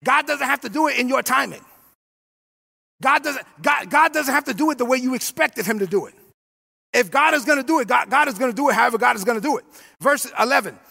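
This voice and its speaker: A man preaching an animated sermon in church, shouting and calling for the crowd to repeat after him. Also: very high voice, fast, vocal fry, big-room sound. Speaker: pastor.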